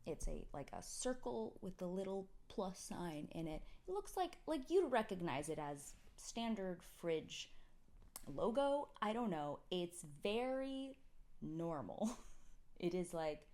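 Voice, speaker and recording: A mother telling a comic anecdote in an animated, giggly, rambling way, full of restarts. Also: on the low side, slow pace. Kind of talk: comic storytelling.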